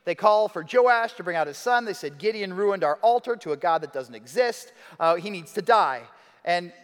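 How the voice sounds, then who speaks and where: High-voiced pastor preaching in a hall. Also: male voice, animated, moderate pace, clear, resonant tone. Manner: dramatic, shifts between hushed and emphatic. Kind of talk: sermon. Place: church hall. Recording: reverberant hall.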